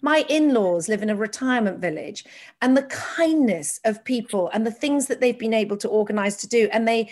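Gushing, animated woman host. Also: fairly high pitch, a little fast. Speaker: podcast host. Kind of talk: casual chat.

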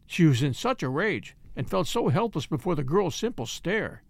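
A woman narrating a classic children's novel aloud in a measured, expressive storytelling manner. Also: deep voice, gravelly, no room sound, studio quality. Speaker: audiobook narrator. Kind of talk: scripted narration.

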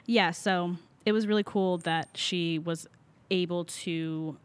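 A woman's voice: lowish voice, steady tone, slow pace. A young woman, a college student, chatting casually and laughing often, with lots of fillers. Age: young adult. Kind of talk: casual chat.

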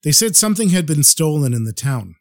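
A man telling a story on his podcast, animated and acting out each character. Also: fairly high pitch, brisk.

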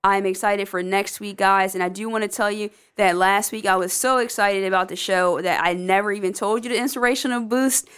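A woman's voice: mid-range voice, fairly even intonation, brisk, few pauses, a bit bright, smooth. Upbeat woman hosting a podcast. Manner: upbeat and encouraging, addresses listeners as guys. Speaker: podcast host. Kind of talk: casual podcast monologue.

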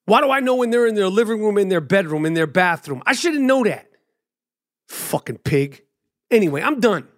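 A middle-aged man hosting a podcast, ranting loudly and profanely. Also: high-pitched, fast. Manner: loud, profane, animated ranting. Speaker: podcast host. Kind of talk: profane rant monologue.

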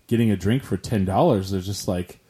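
A man's voice: lowish voice, brisk, dark tone. A young man co-hosting a casual chat, telling stories with acted-out quotes and casual swearing.

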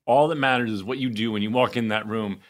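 A man hosting a casual chat, animated and laughing through his own story. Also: on the low side, quick pace. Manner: animated storyteller who laughs while telling.

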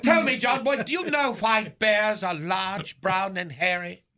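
Man doing an older movie star voice, pompous, theatrical, very high pitched, very bright, radio comedy bit. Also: measured pace. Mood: grandiose. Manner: grandiose, theatrical, laughing at his own jokes. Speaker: recurring comedy character. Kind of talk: morning radio comedy sketch.

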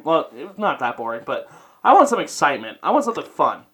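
Young dude rambling thru a story, swears a ton, high bright voice. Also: male voice, very animated, quick pace. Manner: heavy swearing, rambling, laughing often. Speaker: podcast co-host. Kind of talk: casual storytelling chat.

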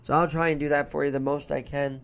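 Gravelly man in a put-on Irish brogue. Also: a little high, flat delivery, quick pace. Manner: rambling, chatty, jumps between topics. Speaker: podcast host. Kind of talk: casual solo podcast monologue.

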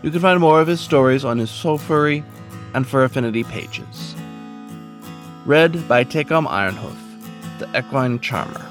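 A man's voice: medium pitch, moderate pace, music in the background. A man hosting a story podcast, giving an earnest, solemn scripted introduction. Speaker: podcast host.

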